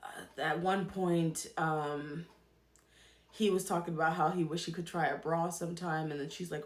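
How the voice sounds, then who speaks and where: A woman's voice: low voice, fairly even intonation, normal speed, reverberant. A woman hosting a podcast, giving casual commentary and repeating her points emphatically. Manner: emphatic, repeats herself for stress. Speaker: podcast host.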